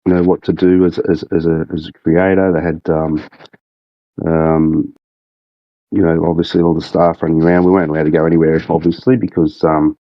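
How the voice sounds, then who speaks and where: A man's voice: low-pitched, level tone, a little fast, no echo, lo-fi sound. A man with a thick Australian accent, chatting as a podcast guest in a rambling, laid-back way. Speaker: guest, game mod creative director. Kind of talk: casual podcast chat.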